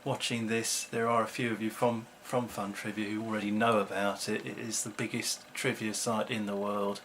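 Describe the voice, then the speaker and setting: A man's voice: fairly low pitch, little pitch movement, normal speed, a bit bright, a little hiss or hum. A middle-aged man, chatting to camera at home in a rambling, self-mocking way. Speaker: vlogger. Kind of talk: casual chat to camera.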